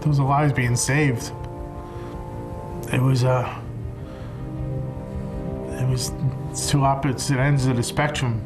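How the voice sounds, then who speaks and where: A firefighter recalls events in an interview. He speaks reflectively and haltingly, pausing and repeating himself, with music clearly behind him. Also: medium pitch, level tone. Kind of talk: interview testimony.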